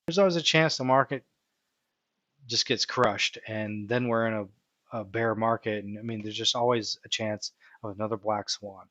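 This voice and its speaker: A man's voice: lowish voice, moderate pace, a bit bright, no echo. Man thinking aloud on a live stream. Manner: thinks aloud, tags points with "right?". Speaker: live-stream host teaching stock options. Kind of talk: unscripted live-stream walkthrough.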